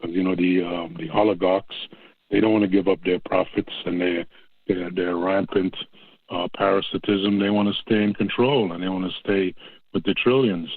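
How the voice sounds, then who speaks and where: A man's voice: low-pitched, steady tone, normal speed, no echo. A man calling in to a talk show and rambling in a folksy, casual way. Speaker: caller. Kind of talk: casual call-in chat. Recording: tinny phone line.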